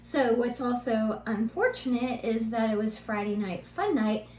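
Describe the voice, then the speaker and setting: A middle-aged woman co-hosting a podcast, telling a family story in a lively, animated way and laughing now and then. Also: a little high, a little slow. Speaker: podcast co-host, mother. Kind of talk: casual storytelling chat. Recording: roomy echo, faint hum.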